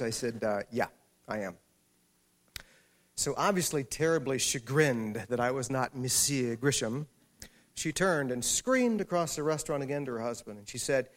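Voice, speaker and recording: A man, an author, giving a talk to a live audience and telling an anecdote with wry, self-mocking humor. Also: medium pitch. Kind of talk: storytelling speech to an audience.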